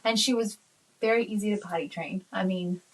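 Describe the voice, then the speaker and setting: A woman's voice: medium pitch, brisk, distant mic, background noise. A woman co-hosting a podcast, chatting casually, agreeing often and telling family stories. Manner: agreeable, storytelling with acted quotes. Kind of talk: casual chat.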